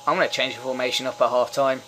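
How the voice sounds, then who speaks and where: A young man with a mid-range voice talks quickly over a football management game, the poor audio carrying a little hiss or hum. His casual live commentary is excitable, full of swearing, and he cheers when his team scores.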